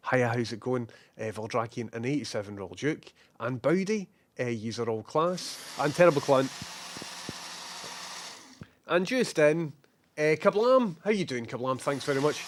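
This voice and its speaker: A young Scottish man with a slightly hoarse voice from a cold, casually chatting as a live streamer and greeting viewers by name. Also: mid-range voice, expressive, normal speed, a little hiss or hum.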